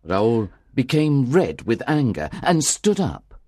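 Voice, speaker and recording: A man narrating a graded-reader storybook with clear, careful delivery. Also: mid-range voice, big pitch swings, slow pace, a little mellow, dry recording, clean studio sound. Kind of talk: audiobook reading of a graded reader.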